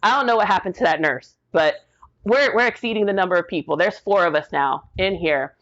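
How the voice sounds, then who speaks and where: A woman's voice: fairly low pitch, a little fast. A middle-aged woman recounting a painful personal story in loose, casual speech. She leans into the quoted lines of others, and her voice comes through slightly dull and lo-fi. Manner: animated, acts out quoted dialogue, frequent fillers. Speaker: podcast guest.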